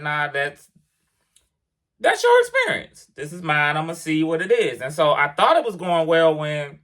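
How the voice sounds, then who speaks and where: A man rants in an emphatic, storytelling way into an action camera mic. His voice is bright, and his pitch swings high and low as he acts out the conversations he is retelling. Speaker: truck driver vlogger. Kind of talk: casual storytelling rant.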